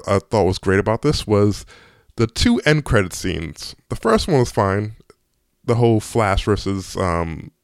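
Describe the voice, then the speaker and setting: Male movie reviewer, casual and eager, slightly low pitch, dry room. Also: dry recording. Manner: excitable, chatty, frequent ums and restarts.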